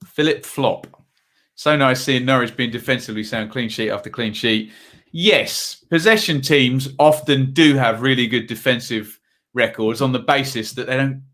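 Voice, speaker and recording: Bloke on a live football watchalong, bright voice, mid pitch, just chatting and reading out comments. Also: male voice. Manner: chatty, reads out viewer comments between match updates. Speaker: live stream host.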